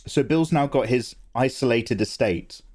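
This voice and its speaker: A man's voice: mid-range voice, a little slow. A tired man chatting casually on a livestream, joking with viewers and reading their names aloud. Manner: joking, animated, reads out viewer names and replies to chat. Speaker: art livestreamer.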